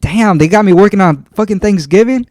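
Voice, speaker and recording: A man on a podcast as a guest, joking around in a relaxed, profane way. His voice sits a bit high for a man. He is recorded close and dry on a studio mic. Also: brisk, no echo. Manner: laid-back, joking, profane. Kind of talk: casual podcast chat.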